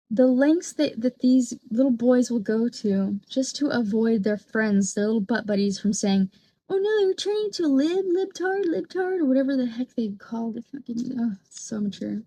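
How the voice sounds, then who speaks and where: A woman talks back at a clip she is watching. Her voice sits high yet has a mellow, dark warmth. She rants bluntly, swears freely and mocks the people on screen. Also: fairly even intonation, normal speed. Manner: blunt, profane, mocking rant. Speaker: commentator reacting to a clip. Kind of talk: casual reaction commentary.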